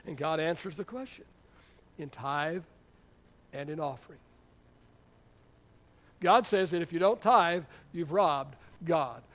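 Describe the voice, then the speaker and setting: High-voiced preaching pastor, man. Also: a little slow, long pauses, a bit bright. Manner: emphatic preaching with rhetorical questions and asides. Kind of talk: sermon.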